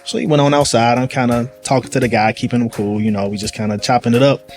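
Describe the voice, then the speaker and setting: A man's voice: medium pitch, fast talker. A police sergeant with a St. tells stories in easygoing street slang. He slips in and out of the voices of the people he met, keeping it conversational. Faint music sits under his voice throughout. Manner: animated storyteller, acts out voices, slangy. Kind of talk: casual storytelling conversation. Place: live event venue.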